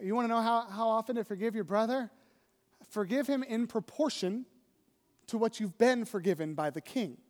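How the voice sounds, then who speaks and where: A man with a very high voice preaches a sermon, telling stories casually and often asking the room "right?". His voice rings through a hall with a long reverb. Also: moderate pace, darkish tone. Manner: conversational storytelling, frequent "right?" and "like". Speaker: pastor.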